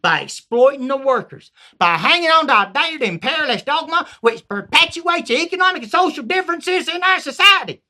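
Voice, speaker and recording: An indignant peasant lectures away in a high, bright voice with a Southern accent, as a man puts him on. His pitch swings widely as he argues. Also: expressive, fairly quick, few pauses, exaggerated voice. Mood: lecturing.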